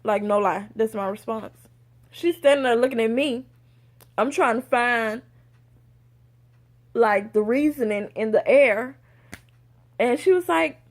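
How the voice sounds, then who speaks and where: A young adult woman telling a personal story in a casual vlog, animated and acting out what others said. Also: on the high side, a little slow, pauses often. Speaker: vlogger.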